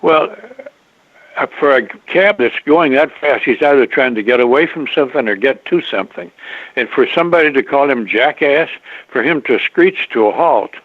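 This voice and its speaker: An older man, a guest in an interview, telling a long rambling story, halting and restarting often, with a chuckle now and then. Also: medium pitch, expressive, dry recording. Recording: dry tinny phone line.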